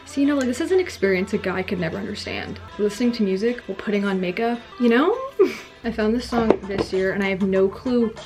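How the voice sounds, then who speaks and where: A woman's voice: medium pitch, a little fast. A young woman vlogging a casual get-ready-with-me in her bedroom, rambling and chatty with lots of "like" and frequent giggles. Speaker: beauty vlogger. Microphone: camera nearby, self-filmed. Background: faint pop music playing.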